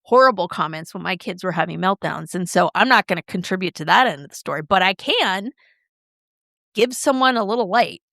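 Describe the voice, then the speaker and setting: A middle-aged woman co-hosting a podcast, chatting casually and expressively with quick shifts in tone. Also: medium pitch, expressive, creaky, fairly bright tone, dry recording, clean studio sound. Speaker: podcast co-host. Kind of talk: casual chat.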